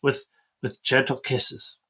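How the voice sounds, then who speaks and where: A man's voice: slow pace, bright, forceful tone. A man in his sixties hosting a casual movie recap, rambling through the plot and acting out lines. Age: 60s. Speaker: podcast host.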